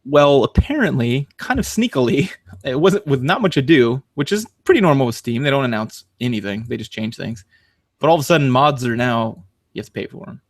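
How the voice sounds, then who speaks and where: A man's voice: medium pitch, a little fast, no echo, studio quality. A man hosting a casual podcast, rambling through fillers and restarts and laughing as he tells stories. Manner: animated storyteller, laughs while talking. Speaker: podcast host. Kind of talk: casual chat.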